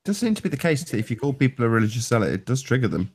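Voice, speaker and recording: A man with a middle-pitched voice, chatting as a guest on a video call. He speaks in a relaxed, laid-back way. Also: rapid-fire, husky. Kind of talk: casual online video call chat.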